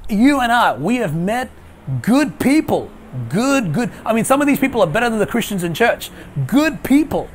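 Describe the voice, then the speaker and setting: A man's voice: very high voice, very animated, normal speed. A man preaching an online sermon as pastor, emphatic and repeating his key phrases. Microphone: video call.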